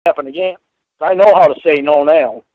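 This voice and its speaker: A man with a high voice argues angrily and bitterly, swearing and laying down ultimatums. His voice sounds dry and close, with no room around it. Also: a little fast, no echo, phone-quality sound. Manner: angry, bitter, profane ultimatums. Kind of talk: heated argument on a phone call.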